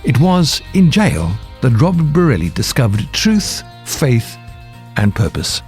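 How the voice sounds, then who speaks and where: A man hosting a talk show, reading a scripted introduction and interviewing a guest in a measured presenting voice. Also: medium pitch, sing-song, a little mellow, faint music behind.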